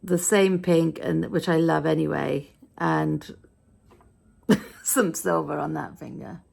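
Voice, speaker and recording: A middle-aged woman with a British accent tells the story of her day in a chatty, grumbling vlog. Her voice sits low and carries a gravelly, creaky edge. She sounds tired and a little frustrated, with wry asides. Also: steady tone, slow, a little mellow. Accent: British English. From Britain. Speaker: vlogger. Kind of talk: casual day-in-the-life vlog chat.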